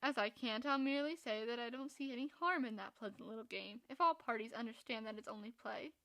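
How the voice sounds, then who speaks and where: A woman voicing a charming, playfully mocking young gentleman in a storybook reading. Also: on the high side, fairly quick. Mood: teasing.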